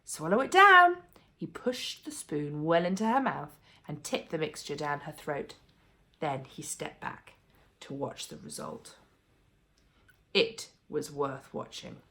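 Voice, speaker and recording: A woman reading a children's book aloud as a bedtime story, with expressive, animated storytelling. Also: deep voice, takes it slowly, gravelly.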